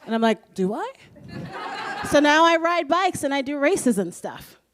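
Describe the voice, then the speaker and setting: A woman in her thirties from the United States, giving an animated, laugh-filled presentation to an audience as a guest speaker, with many fillers. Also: sits high, moderate pace, slight background noise. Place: school presentation room.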